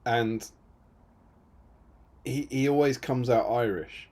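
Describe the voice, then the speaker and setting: A man's voice: medium pitch, takes it slowly, darkish tone. A man from Britain co-hosting a tabletop gaming live stream, chatting casually with dry, self-mocking humour.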